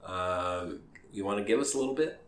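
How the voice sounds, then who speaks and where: A man's voice: sits low, fairly quick, reverberant. A man co-hosting a podcast, chatting casually in a rambling way, with plenty of hesitations and the odd swear. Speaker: podcast co-host. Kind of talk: casual chat.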